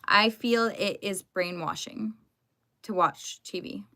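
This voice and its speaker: Young woman, live streamer, bright clear tone, chatty, greets viewers by name, casual talk from home. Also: medium pitch, slow.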